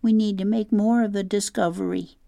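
A woman's voice: mid-range voice, steady tone, fairly quick, gravelly, mellow, dry recording, studio quality, pitched above the performer's own voice, close to an everyday voice. Woman voicing a dramatic, tearful young girl. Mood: insistent. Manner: earnest, whiny, precise. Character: dramatic, tearful girl runaway, fussy about grammar.

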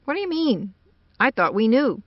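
A woman voicing a gruff, skeptical man from the American South who talks dryly and sardonically, on a dull lo-fi recording. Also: a little high, very animated, normal speed, dry recording, pitched above the performer's own voice. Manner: dry, growling, sardonic.

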